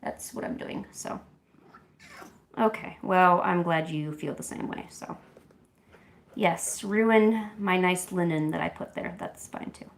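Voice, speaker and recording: A woman's voice: fairly low pitch, takes it slowly, gravelly, slight background noise. A woman streamer chatting casually and coaxing her cats with playful, baby-talk asides. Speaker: art streamer.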